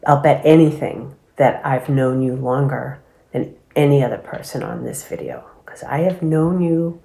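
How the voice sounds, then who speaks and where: A woman's voice: extremely low pitch, normal speed, vocal fry, mellow. A middle-aged mother recording a fond, teasing video message for her son. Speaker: mother of the groom. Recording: roomy echo.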